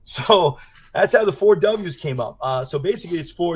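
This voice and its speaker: Rambling middle-pitched male martial arts teacher. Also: lively intonation, moderate pace, slightly rough. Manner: rambling, storytelling with frequent fillers. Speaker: martial arts instructor and author. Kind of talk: casual interview conversation.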